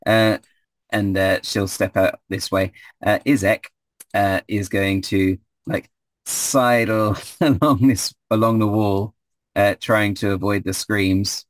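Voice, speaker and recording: A man's voice: lowish voice, fairly even intonation, takes it slowly, no echo. A man running a tabletop game as game master, hesitant with many fillers.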